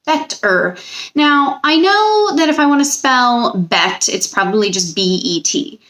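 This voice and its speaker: Patient woman teaching spelling slowly. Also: high voice, very animated, fairly bright tone. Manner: patient, slow, stretches out words. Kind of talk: recorded spelling lesson for children.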